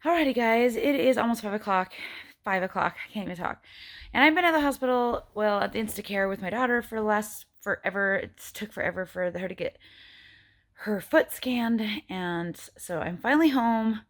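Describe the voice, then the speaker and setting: A woman's voice: medium pitch, normal speed. A woman in her forties chatting casually in a diet vlog, rambling as she lists out her meals. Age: 40s. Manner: chatty, rambling, counts out food amounts. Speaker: vlogger.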